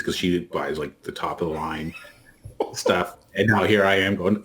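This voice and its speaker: Co-hosting a podcast, a man chats casually and rambles through a story, restarting often. His deep voice has fairly even intonation and a fairly bright tone, at a normal speed.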